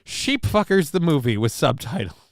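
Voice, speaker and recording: A man's voice: fairly high pitch, sing-song, moderate pace. Profane, rambling male stream host. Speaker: livestream show host. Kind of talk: casual livestream chat, reading viewer comments.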